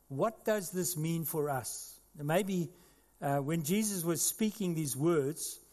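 A man's voice: fairly high pitch, darkish tone, big-room sound. A man preaching a sermon to his congregation in a church, earnest and conversational. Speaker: pastor. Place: church hall.

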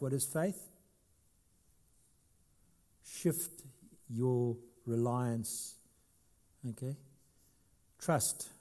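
A middle-aged man preaching a sermon as a pastor. He swings between loud, emphatic stretches and quiet asides, asking the congregation questions and adding light humor. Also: mid-range voice.

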